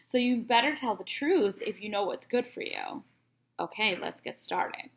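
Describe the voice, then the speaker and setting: Lady putting on a gruff bossy cop, barks at kids, storybook read-aloud. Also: medium pitch, animated, moderate pace, a little hiss or hum. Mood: stern. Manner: barking, blustery interrogating. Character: gruff adult male police officer, blustering and bossy.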